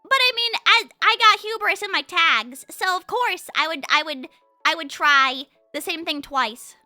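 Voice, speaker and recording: A woman streamer chatting casually with her viewers, energetic and rambling, often restarting her sentences, on a compressed studio mic. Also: very high-pitched, unhurried, no room sound, faint music behind. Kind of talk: casual live-stream chat.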